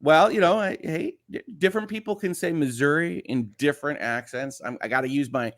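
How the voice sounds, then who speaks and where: A man's voice: fairly high pitch, brisk, fairly bright tone. A man with a slightly nasal Chicago accent, hosting a casual livestream, reading viewer messages aloud and rambling along with lots of "uh" fillers and restarts. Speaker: livestream host.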